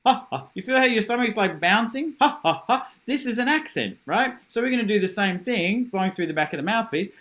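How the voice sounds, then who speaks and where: A man's voice: high-pitched, animated, brisk, hardly any pauses, pushed and bright. Upbeat man teaching on a video call. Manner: encouraging, self-deprecating, demonstrates with sung syllables. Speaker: horn teacher giving a masterclass.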